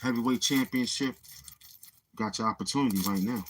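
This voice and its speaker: A livestream host with a New York accent brags and taunts his chat using street slang. His mid-range voice moves at a brisk clip.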